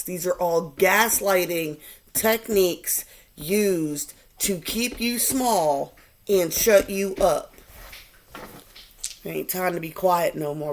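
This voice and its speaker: A woman giving a casual tarot reading to viewers, animated and quick to mimic the people she quotes. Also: fairly low pitch, slight background noise. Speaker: tarot reader.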